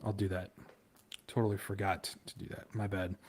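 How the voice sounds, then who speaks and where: A man's voice: low voice, flat delivery, moderate pace. A man hosting a livestream in a casual, rambling way, stumbling over hard words, laughing at himself and trailing off into mumbles. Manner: loose and off the cuff, trails off into mumbles. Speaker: livestream host.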